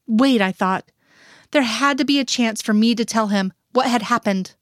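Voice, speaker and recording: A woman reading a first-person story aloud in a measured, even narration. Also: fairly high pitch, dry recording, studio quality. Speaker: reader.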